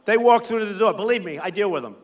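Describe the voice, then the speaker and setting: This American candidate's voice is high-pitched and expressive, and he talks fast. He delivers an emphatic, repetitive campaign rally speech through a stage microphone in a large indoor space.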